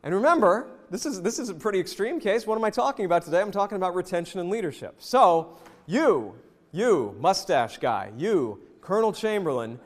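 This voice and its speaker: A man from the American South giving a jokey, animated leadership presentation and talking straight to the audience in a hotel event hall. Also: high voice. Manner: lively, jokey, addresses the audience directly. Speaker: leadership speaker. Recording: long reverb in a hotel hall.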